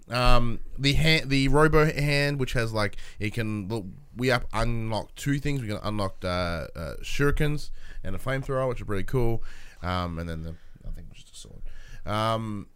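A man's voice: medium pitch, normal speed, a bit bright, smooth. A young man, hosting a casual gaming chat in a rambling, self-deprecating way with casual swearing. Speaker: podcast host.

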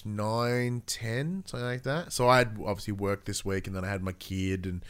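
A man, hosting a casual gaming chat, animated and quick with swearing and asides. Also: fairly low pitch, clear, resonant tone. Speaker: gaming podcast host.

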